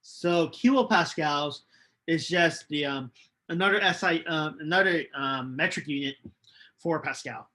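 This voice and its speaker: A male chemistry lecturer giving a recorded online lecture, unhurried and hesitant, with many ums and restarts. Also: on the high side, sharp tone. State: losing his voice, coughing.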